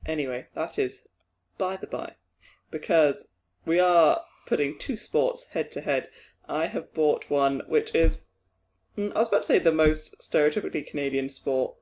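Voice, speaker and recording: A young British man co-hosting a podcast in casual chat, lively and laughing often. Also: normal speed. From Britain. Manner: lively, laughing, mimics others in high voices. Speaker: podcast co-host.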